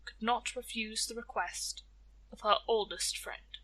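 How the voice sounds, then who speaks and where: A woman narrating a folktale as a storyteller, in a gentle, deliberate way. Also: fairly high pitch, poor audio.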